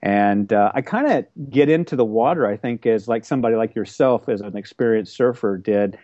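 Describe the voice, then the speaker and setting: A man's voice: lowish voice, a little fast, dark tone, no echo, dull audio. A man in his forties, an interview guest telling a long story in a casual, rambling way with many fillers and restarts. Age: 40s.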